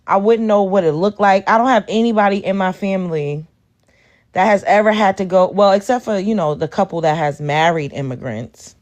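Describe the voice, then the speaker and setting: A woman's voice: medium pitch, brisk. A woman from Brooklyn, hosting a livestream and talking bluntly to her chat. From Brooklyn, New York. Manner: animated, blunt, talks to chat. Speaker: livestream host. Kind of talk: casual livestream talk.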